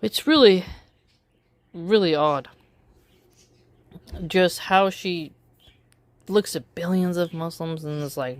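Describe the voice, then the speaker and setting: A woman giving casual opinion commentary in a wry, measured way, drawing out her phrases with pauses. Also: lowish voice, no echo. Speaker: political commentary vlogger.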